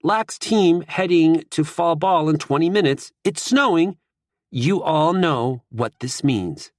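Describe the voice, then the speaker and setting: A man voicing a bossy young male team captain who announces things slowly and loudly. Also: fairly high pitch, expressive, dry recording, studio quality, voice pushed up. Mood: rallying.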